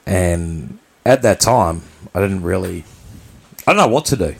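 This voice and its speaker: A man's voice: sits low, expressive, a little slow, gravelly, slightly rough. A man from New Zealand, co-hosting a podcast, telling a personal story in a candid, blunt, rambling way. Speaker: podcast co-host.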